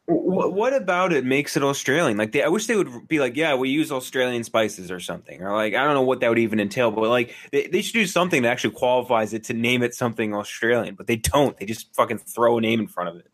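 A man's voice: mid-range voice, lively intonation, quick pace, hardly any pauses, a bit bright. A man co-hosting a podcast, talking in crude, rambling, casual banter. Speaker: podcast co-host.

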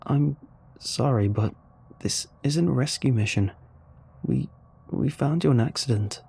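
A man voicing an excited young man on an intercom in a storybook reading, raising his voice and stammering eagerly. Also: measured pace, vocal fry, slightly rough. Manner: eager, stammering, raised pitch. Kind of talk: storybook narration.

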